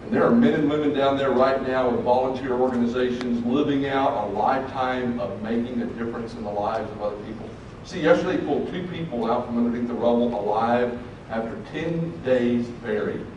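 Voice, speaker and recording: Earnest motivational speaker in an echoey hall. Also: male voice, mid-range voice, darkish tone, highs cut off. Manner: earnest, folksy, addresses audience directly. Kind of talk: motivational speech to students. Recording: very echoey, distant mic, faint noise.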